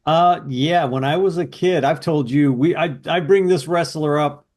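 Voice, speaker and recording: A man's voice: on the high side, normal speed, a little mellow. A man co-hosting a casual podcast chat, telling stories with eager enthusiasm. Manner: enthusiastic, nostalgic storytelling. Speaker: podcast co-host.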